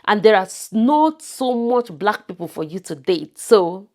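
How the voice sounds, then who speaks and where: Warm, expressive, and mid-range, this woman's voice moves at a measured pace as she talks casually to camera in her vlog. She's from Nigeria, speaks with a Nigerian accent, and stresses her points emphatically through repetition.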